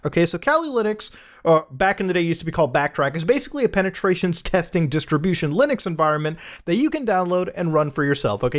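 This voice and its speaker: A man hosting a casual tech commentary video, talking energetically and often tacking "okay?" onto his sentences. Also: fairly high pitch. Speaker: YouTube host.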